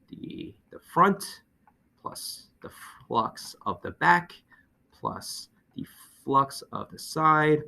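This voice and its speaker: A man teaching physics, working through a problem aloud with many fillers and quick self-corrections. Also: medium pitch, fairly bright tone. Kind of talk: lecture over a whiteboard.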